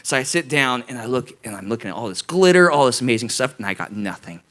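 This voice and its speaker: A man preaching a youth sermon, telling a self-mocking story in an animated way before turning to the lesson. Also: medium pitch, quick pace. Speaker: youth pastor.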